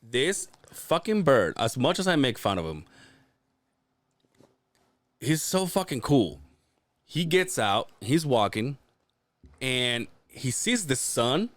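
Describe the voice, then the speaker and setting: A man's voice: slow pace, long pauses, no room sound. A man co-hosting a podcast, telling stories in casual chat and swearing freely. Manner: animated storyteller, swears freely, acts out quotes in a high voice. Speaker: podcast co-host.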